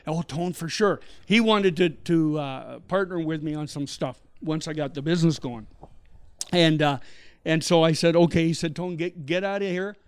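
A middle-aged man from Canada, a missionary guest telling a story with animated delivery and acted-out quotes. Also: on the high side, moderate pace, smooth. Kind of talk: storytelling interview.

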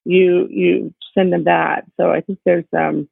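A woman's voice: on the low side, little pitch movement, a little slow, creaky, breathy edge, dry recording. A woman guesting on a podcast over a call, chatting casually and easily. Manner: chatty, laughing. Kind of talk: casual conversation. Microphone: remote call. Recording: tinny phone line call.

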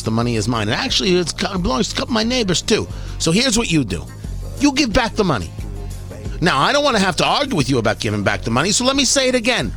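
A man's voice: high-pitched, fairly bright tone, heavily acted. A radio host voicing a threatening tough-guy man who talks in a mock-friendly way and repeats his demands.

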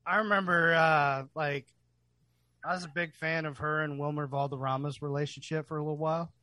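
Bright slightly high guy, swears a lot, laid-back podcast banter. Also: steady tone, brisk, dry recording. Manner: swearing, laughing, enthusiastic. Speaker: podcast co-host.

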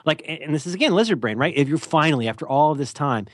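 A man co-hosting a podcast, talking in loose, rambling tangents with lots of self-deprecating jokes. His pitch swings widely as he talks. The microphone sound is close and dry. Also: lively intonation, fast, no echo. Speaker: podcast co-host. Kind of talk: casual podcast chat.

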